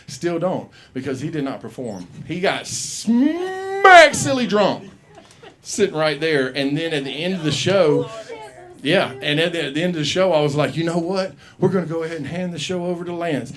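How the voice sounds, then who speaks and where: A man with a slightly high voice and a brisk delivery hosts an open mic in a comedy club, holding a handheld mic. His loose stand-up is rambling and full of cursing, and he performs the voices in his quoted bits.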